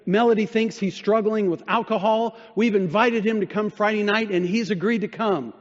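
A man preaching a sermon, telling a story and dropping low and quiet when he quotes others. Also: normal speed. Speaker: pastor. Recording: dull sound in a reverberant hall.

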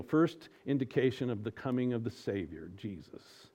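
A man preaching a sermon, animated and full of rhetorical questions, swinging from loud emphasis to soft, slow appeals. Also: mid-range voice, muffled recording.

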